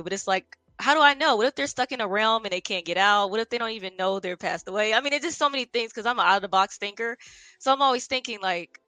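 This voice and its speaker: A woman hosting a casual interview, thinking aloud in a relaxed way with many fillers. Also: mid-range voice, brisk, no room sound. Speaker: podcast host.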